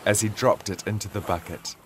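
A man's voice: on the low side, a little hiss or hum. A man reading a children's story aloud as narrator. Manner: slow, animated storytelling.

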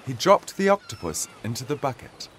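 A man's voice: mid-range voice, noisy background. A man reading a children's story aloud as narrator. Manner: slow, animated storytelling.

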